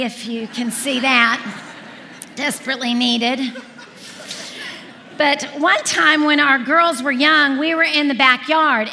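A woman in her forties preaching, telling a lively story to a congregation and acting out the dialogue. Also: high voice, creaky. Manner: animated storyteller, acts out dialogue. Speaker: speaker at a church service. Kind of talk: storytelling sermon. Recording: reverberant hall.

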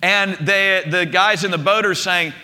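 Speaking a little slowly with animated energy, a male preacher tells stories in his sermon and doubles back on words as he goes. His high, strikingly bright voice fills a large hall with a gathered congregation, where a long reverb rolls behind him.

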